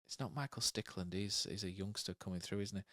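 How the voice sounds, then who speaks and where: A man's voice: low-pitched, brisk, pushed and bright, dry recording, clean studio sound. A man co-hosting a podcast, chatting casually about football and thinking aloud with many fillers and tag questions. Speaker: podcast co-host.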